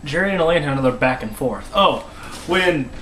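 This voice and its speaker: A man's voice: fairly high pitch, animated, brisk, fairly bright tone, rough recording. A man casually recapping a TV episode, rambling with many restarts and voice dropping to a mumble. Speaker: episode reviewer.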